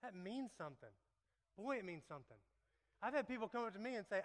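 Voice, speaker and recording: A pastor delivering a sermon in a reverberant hall, his voice high and bright. He banters and laughs with his listeners between points. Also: animated, fast. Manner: playful, laughing, talks to congregation. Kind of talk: sermon with live demonstration.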